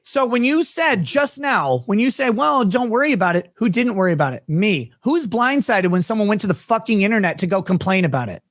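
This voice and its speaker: A man in a heated argument on a livestream, swearing a lot and firing off rhetorical questions in a fast, angry rush. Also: high-pitched, very animated, dry recording, clean studio sound.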